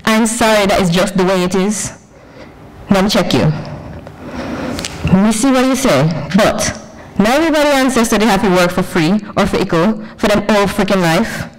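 A woman's voice: medium pitch, slight background noise, voice pushed up, natural voice, rough recording. A woman voicing her own sassy, blunt inner voice in a Jamaican patois accent. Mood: defiant. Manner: brash, teasing, quick retorts.

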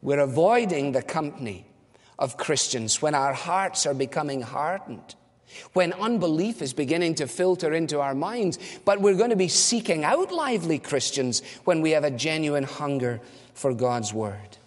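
A man delivers a sermon as a pastor, earnest and direct, posing questions and answering them himself. His voice sits high for a man. The sound hangs in a long, reverberant hall. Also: lively intonation, moderate pace. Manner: earnest preaching with rhetorical questions.

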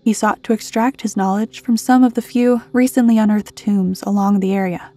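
A stern, unsmiling briefer delivers the mission in a low, monotone drawl, as a woman puts her on. Her voice is mellow and husky. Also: normal speed, close to an everyday voice. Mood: deadpan.

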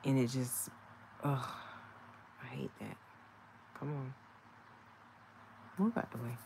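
A woman's voice: extremely low pitch, fairly even intonation, slow pace, vocal fry, dark tone, slight background noise. A woman, chatting casually at home while doing her own nails, often laughing and talking to her nails. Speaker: nail vlogger. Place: home, indoors.

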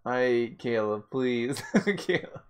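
A man streaming a game live, commenting casually and breaking into yells, groans and jokes as he plays. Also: mid-range voice, animated, slow, clear, resonant tone.

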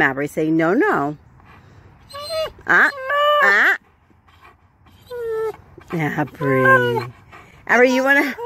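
A woman's voice: medium pitch, heavy background noise. A woman filming at home on a handheld phone, talking baby-talk to her dogs and a small child in a cooing, coaxing voice. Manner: cooing, sing-song, coaxing. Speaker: dog owner filming her pets.

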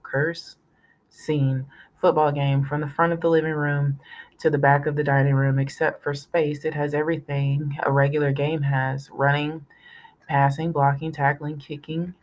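A woman reading a novel aloud in a steady storytelling manner, now and then correcting herself. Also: low voice, rough recording. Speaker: audiobook reader.

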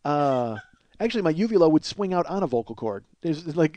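Fast-talking crude comic man in his forties. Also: a little high, expressive, darkish tone, lo-fi sound. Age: 40s. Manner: crude, self-mocking, laughs at his own jokes. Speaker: podcast host. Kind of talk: rambling comedic monologue.

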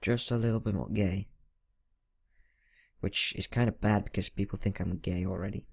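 A man's voice: sits low, steady tone, normal speed, creaky, breathy edge. A teenage boy giving rambling, casual commentary over a video game, talking to himself and mumbling asides. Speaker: gaming channel host. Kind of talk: casual let's-play commentary.

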